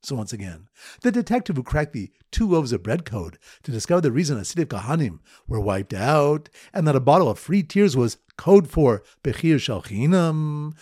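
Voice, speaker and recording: A man with a slightly high, husky voice teaches Talmud through playful memory stories. His pitch leaps around as he tells them, recorded close and dry with no room sound. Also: no echo. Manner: lively storytelling with sudden pitch jumps. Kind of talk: mnemonic Talmud review lesson.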